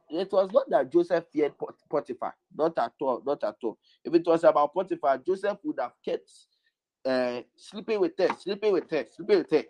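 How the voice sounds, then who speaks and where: A man's voice: on the high side, a little mellow, dry recording, poor audio. A man preaching a sermon, stressing his points by repeating lines over and over.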